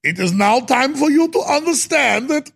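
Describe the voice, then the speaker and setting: A man's voice: very high voice, expressive, normal speed, creaky, a bit bright, pitched above the performer's own voice, heavily acted. A man voicing a mocking impression of a sinister globalist villain with a German accent, delivered in a sneering, theatrical way.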